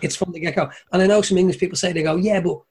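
A man's voice: high voice, steady tone, racing, darkish tone, breathy edge. A man with an Irish accent telling long, rambling stories in a casual chat, swearing freely and mimicking people.

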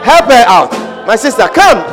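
A man's voice: extremely high pitch, big pitch swings, normal speed, a bit bright, soft background music. A male preacher giving an altar call, fervent and repetitive, bursting into tongues and leading the congregation in a prayer they repeat after him. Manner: leads call-and-response prayer.

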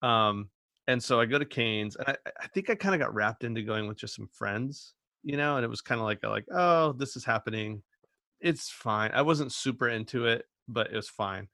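A man's voice: mid-range voice, lively intonation, a little fast, creaky, pushed and bright, no echo, studio quality. A man co-hosting a podcast who tells stories in a casual, rambling and hedging way. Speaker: podcast co-host. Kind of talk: casual chat.

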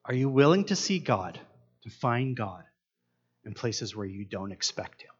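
A man's voice: medium pitch, very animated, unhurried, slightly rough, muffled recording. A man preaching a sermon, earnest and asking his listeners many questions. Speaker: pastor.

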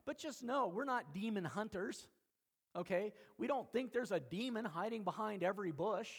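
Higher-voiced man preaching conversationally. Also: animated, normal speed, husky. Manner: conversational preaching, frequent "okay?" check-ins. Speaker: pastor. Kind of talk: sermon.

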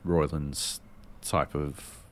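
A man's voice: extremely low pitch, fairly even intonation, very slow. A man co-hosting a podcast, talking in a loose, rambling way and swearing freely. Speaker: podcast co-host. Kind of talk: casual chat.

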